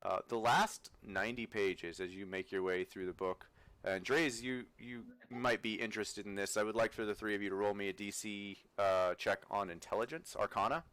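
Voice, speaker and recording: A man narrating a tabletop game as game master, halting and full of fillers. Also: fairly low pitch, steady tone, fairly bright tone, no echo, rough recording. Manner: halting, many fillers and restarts.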